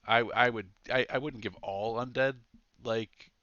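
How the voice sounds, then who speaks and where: A man's voice: mid-range voice, fairly even intonation, unhurried, pushed and bright, no echo, highs cut off. A man acting as game master in an online tabletop game, thinking aloud and correcting himself as he makes rulings. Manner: rambling, self-correcting rulings.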